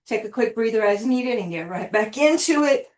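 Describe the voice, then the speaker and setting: A woman's voice: fairly high pitch, expressive, normal speed, a little mellow. A woman coaching a live workout, cueing exercises in an encouraging way and catching her breath between sets. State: winded. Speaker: fitness instructor.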